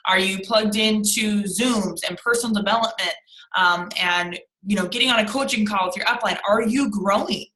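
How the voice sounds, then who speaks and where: A woman's voice: mid-range voice, moderate pace, pushed and bright, echoey room, rough recording. A young adult woman leading a motivational team call on a video call, speaking emphatically and repeating lines for stress. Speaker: team leader.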